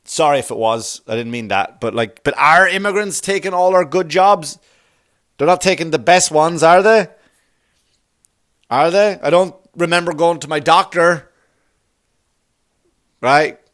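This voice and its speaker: Animated swearing male comedian. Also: on the high side. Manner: swearing, animated, jumps into quick voices for bits. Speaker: comedian podcast host. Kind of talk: rambling comic monologue.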